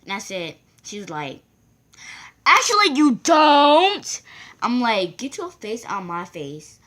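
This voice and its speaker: A woman's voice: mid-range voice, expressive, measured pace. A woman vlogger rambling through a casual storytime, acting out the voices of the people in it. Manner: rambling, acts out quoted voices.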